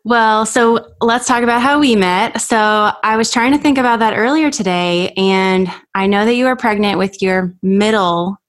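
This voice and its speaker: A woman's voice: fairly high pitch, normal speed, hardly any pauses. A woman hosting a podcast, speaking in an upbeat, friendly, conversational way. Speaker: podcast host. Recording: music under intro.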